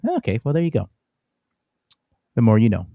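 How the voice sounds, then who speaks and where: A man's voice: medium pitch, wildly swooping pitch, moderate pace, no room sound, narrow, tinny audio. A man co-hosting a casual podcast chat, reading listener comments aloud in a wry, chatty way. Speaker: co-host.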